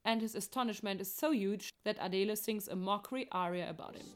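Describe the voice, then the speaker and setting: A woman's voice: medium pitch, a little fast, music in the background. A woman narrating an operetta's plot in a chatty, playful way, with joking asides. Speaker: opera plot explainer.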